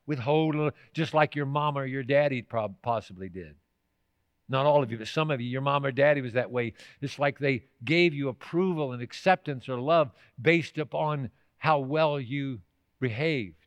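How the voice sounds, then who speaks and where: A man's voice: mid-range voice, moderate pace, dry recording. A man preaching a sermon as pastor, emphatic, often asking the congregation if they are still with him. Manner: emphatic, with rhetorical questions to the congregation.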